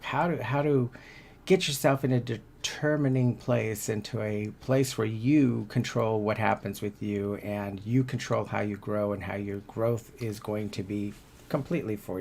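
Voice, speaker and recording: Gravelly low-voiced man giving a pep talk. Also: darkish tone, slight background noise. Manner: rambling, repeats words while searching. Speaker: business owner giving self-help talk. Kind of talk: casual motivational talk.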